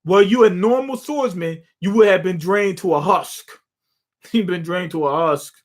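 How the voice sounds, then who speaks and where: With a high voice and a slightly slow delivery, a young man retells a comic chapter live in a loose, profane, jokey style full of laughter. He's a manga reaction streamer.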